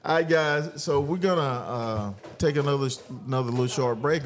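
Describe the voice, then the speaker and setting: A relaxed man hosts a sports podcast at a car show. He talks at his ease, laughs often and drags out his fillers. His voice sits at a middling pitch. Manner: laid-back, laughs often, drawn-out fillers. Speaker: podcast host. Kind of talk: casual sports chat.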